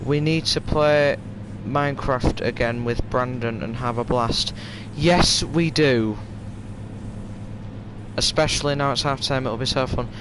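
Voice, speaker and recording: Man, Yorkshire accent, unhurried, mid-pitched voice, rambling stream chat, faint background hum. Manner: rambling, stop-start storytelling. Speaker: live-stream gamer. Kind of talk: casual live-stream chat.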